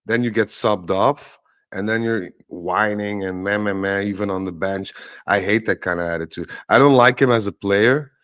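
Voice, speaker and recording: Blunt, opinionated man with a low voice. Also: moderate pace, fairly bright tone, no echo, highs cut off. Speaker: podcast co-host. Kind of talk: casual football podcast chat.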